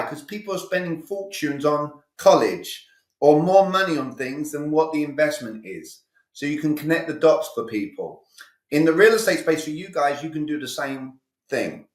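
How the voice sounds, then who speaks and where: Man, communication coach, energetic, emphatic, acts out dialogues, slightly high voice, roomy echo. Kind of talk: live online sales training.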